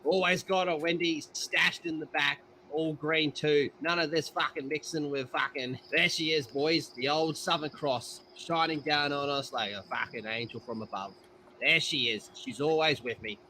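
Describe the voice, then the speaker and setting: A man's voice: on the high side, normal speed, slight background noise, poor audio. A man doing a crude, boastful Aussie gamer streamer. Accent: Australian. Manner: swaggering, swears constantly, rambling brags. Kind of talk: cartoon parody voice acting. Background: loud guitar music.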